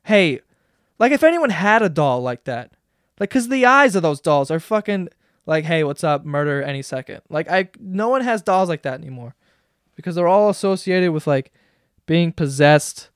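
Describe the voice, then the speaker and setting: A young man hosting a solo podcast, retelling a story in a rambling, profane, animated way. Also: fairly high pitch, moderate pace, dry recording, clean studio sound. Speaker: podcast host. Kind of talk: solo comedic rant.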